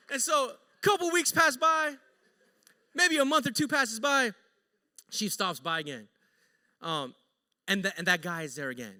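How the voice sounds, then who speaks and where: A man, a pastor, telling a story in a sermon in an animated, joking, conversational way, recorded in a church sanctuary. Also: high voice, normal speed, in a large hall.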